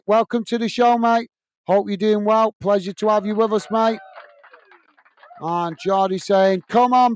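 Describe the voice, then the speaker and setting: A man from England hosting a live football watch-along, calling the play and chatting with viewers in a chatty manner that quickly turns to ranting. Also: sits high, no echo. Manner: chatty, reads out viewer messages, quick to rant. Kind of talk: live football commentary and chat.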